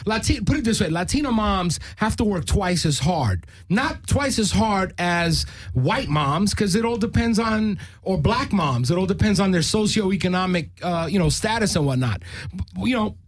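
Man, podcast host, high lively voice, crude casual chat. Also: normal speed. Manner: profane, laughing, animated.

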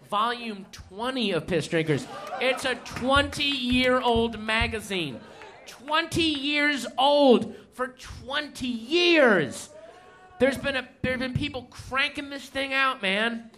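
A man doing a stand-up comedy routine, telling stories in a profane, animated way. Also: extremely high pitch, slow.

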